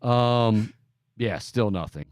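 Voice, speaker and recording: A man's voice: on the low side, slow, darkish tone, clean tone, no echo, clean studio sound. A man hosting a sports talk radio show in a casual, chatty way, often restarting his sentences.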